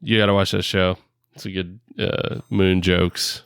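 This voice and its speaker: Gravelly-voiced man rambling on a podcast. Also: low-pitched, level tone, unhurried, fairly bright tone, no room sound, studio quality. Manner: rambling, laughs often, fillers. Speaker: podcast co-host. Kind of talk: casual podcast chat. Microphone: headset.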